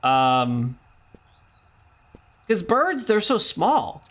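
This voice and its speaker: A man's voice: sits high, huge pitch swings, drawn-out words, fairly bright tone. A man streaming a game, talking in rambling casual commentary full of jokey asides. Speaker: gaming streamer.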